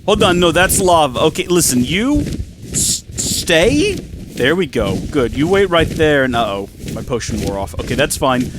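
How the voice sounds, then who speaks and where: A man hosting a gaming channel, talking excitedly to himself and the game as he plays. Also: fairly high pitch, moderate pace, noisy background. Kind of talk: let's-play commentary.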